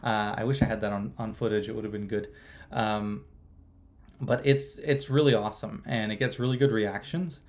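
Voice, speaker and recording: A man's voice: on the low side, fairly even intonation, normal speed, a little mellow. A young man hosting a magic livestream, talking casually and rambling with lots of fillers and restarts. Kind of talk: casual live-stream chat.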